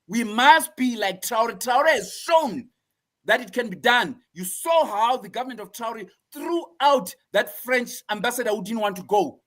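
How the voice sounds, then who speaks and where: Fired-up man with a high voice, preaching hard, repeats himself over and over. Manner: fiery, preaching, repeats phrases. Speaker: guest. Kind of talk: impassioned political commentary.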